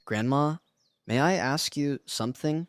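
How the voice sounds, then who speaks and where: A man's voice: a little high, unhurried, dry recording, natural voice. A man voicing a shy teenage grandson. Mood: earnest. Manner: shy, earnest. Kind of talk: scripted story dialogue.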